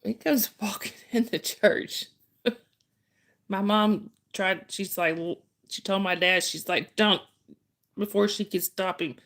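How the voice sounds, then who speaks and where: A woman's voice: mid-range voice, slow, fairly bright tone. A woman hosting a casual livestream, telling a story and chatting with viewers, laughing often and restarting sentences. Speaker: livestream host. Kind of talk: casual live chat storytelling.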